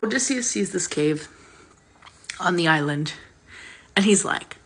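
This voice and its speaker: A woman's voice: lowish voice, lively intonation, a little slow, a bit bright, husky. A woman retelling an old myth in a chatty, sarcastic, casual way, with plenty of fillers. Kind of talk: casual storytelling.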